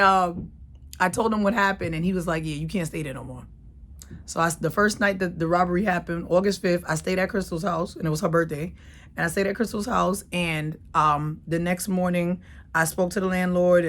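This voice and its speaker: A woman's voice: fairly low pitch, steady tone, brisk. A woman in her thirties hosting her own channel, telling a personal story in a casual, emphatic way and repeating phrases for effect. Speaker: channel host.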